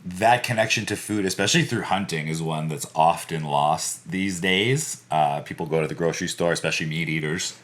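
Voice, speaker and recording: A man's voice: low-pitched, fairly quick, few pauses, a bit bright. A man hosting a podcast, enthusiastic and upbeat as he chats with his guest. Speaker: podcast host. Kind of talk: casual interview chat. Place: live recording in a studio.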